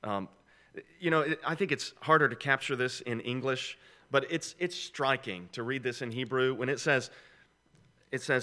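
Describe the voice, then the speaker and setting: A man's voice: mid-range voice, moderate pace, sharp tone. A middle-aged man preaching a conversational, emphatic sermon to a congregation, posing rhetorical questions. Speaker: pastor.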